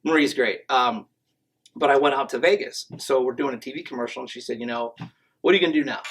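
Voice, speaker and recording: A podcast guest with a mid-range voice speaks quickly, trading casual, self-mocking jokes and deadpan tall tales in the studio. The audio is poor, with slight background noise.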